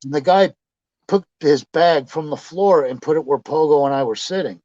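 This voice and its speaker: His voice is a little high and warm, at a normal speed, with no echo at all. As a storytelling guest, he rambles through profane anecdotes in relaxed chat, cursing and laughing, all recorded with a dull, dry lo-fi sound.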